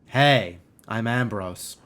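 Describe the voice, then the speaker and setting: A man's voice: on the low side, extremely slow, fairly bright tone, voice pushed down. A man voicing a boisterous, hungover middle-aged male cyber doctor who is cheerful and wisecracking.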